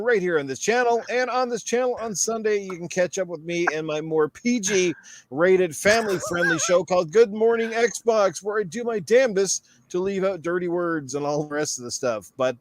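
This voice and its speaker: A man's voice: on the high side, no room sound. A man hosting a gaming show, with hype-man energy and a cheery sign-off. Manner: hype-man, loud bursts, upbeat sign-off. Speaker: podcast host. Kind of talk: casual gaming chat.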